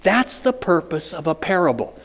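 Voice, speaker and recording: A man's voice: on the high side, very animated, moderate pace, gravelly, big-room sound. A man preaching a sermon, dramatic and questioning the congregation directly. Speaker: pastor.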